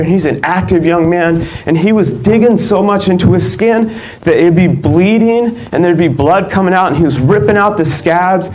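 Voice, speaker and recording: A man in his thirties giving a live motivational keynote, telling his story in a lively, conversational way with lots of "like" fillers. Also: on the high side, low-quality recording. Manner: animated, conversational, many "like" fillers, laughs between lines. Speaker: keynote speaker. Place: live event stage.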